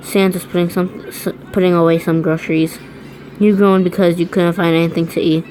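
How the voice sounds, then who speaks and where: A woman's voice: fairly low pitch, flat delivery, fairly quick, a little mellow, faint music behind, poor audio. A woman reading fan fiction aloud, often stumbling over words and restarting lines. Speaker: reader.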